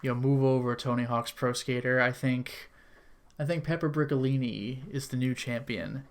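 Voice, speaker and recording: A man's voice: mid-range voice, fairly even intonation, moderate pace. Rambling man streaming a retro game. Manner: chatty and rambling, with frequent "like" fillers. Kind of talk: casual gameplay commentary.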